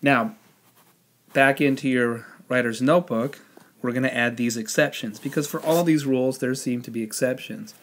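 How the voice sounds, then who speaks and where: Man, teacher, spelling lesson, patient step-by-step explaining, middle pitch. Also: steady tone, normal speed. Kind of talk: spelling lesson with classroom instructions.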